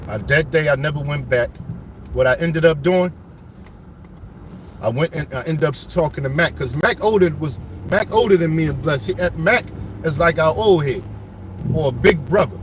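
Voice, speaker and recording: A man with a somewhat high voice tells old street stories as he drives through his neighborhood. He talks straight to his viewers, animated, loose and full of slang. Faint city traffic hums behind him. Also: moderate pace. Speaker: vlogger telling his life story. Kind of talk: casual street storytelling. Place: driving around a city neighborhood.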